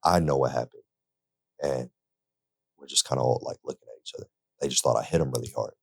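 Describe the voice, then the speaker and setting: Young guy with a super deep gravelly voice, laid-back storytelling, dry close sound. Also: a little fast, no room sound. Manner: laid-back and conversational, full of "like" and "right?". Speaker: guest telling his story. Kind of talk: casual storytelling. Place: interview studio.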